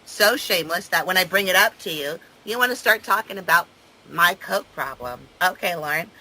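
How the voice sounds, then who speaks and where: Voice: mid-range voice, lively intonation, normal speed, sharp tone, low-quality recording. A caller taunting the other person in a heated phone argument, jeering in a sing-song, mocking way. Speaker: caller on a prank three-way call.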